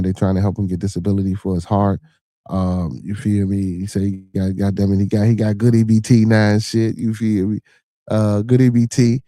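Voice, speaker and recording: Male podcast host, low mellow voice, loose and profane, constant fillers, dry close mic. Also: no room sound. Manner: rambling, profane, full of shout-outs and fillers. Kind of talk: casual livestream chat.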